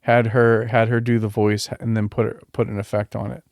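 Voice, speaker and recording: A man's voice: on the low side, level tone, brisk, creaky, a little mellow, no room sound, studio quality. A man co-hosting a casual movie review podcast, talking hesitantly with many fillers and restarts. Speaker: podcast co-host.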